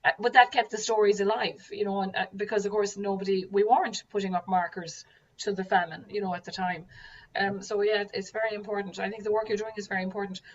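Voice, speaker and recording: A woman's voice: mid-range voice, little pitch movement, fast talker. A woman from rural Ireland hosting an interview, speaking thoughtfully and hesitantly with many "like" and "you know" fillers. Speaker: host. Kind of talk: casual interview talk. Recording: distant, muffled mic.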